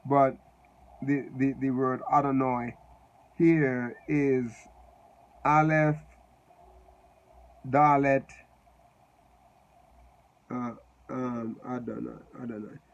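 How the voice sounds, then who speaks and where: A man giving unscripted Bible teaching, halting and repeating words as he spells out Hebrew letters. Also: mid-range voice, fairly even intonation, dull audio.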